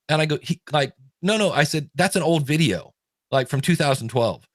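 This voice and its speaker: Middle-aged male podcast host, casual animated storyteller, dry close mic. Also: on the high side, a little fast, no room sound. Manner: animated, stumbling restarts when excited.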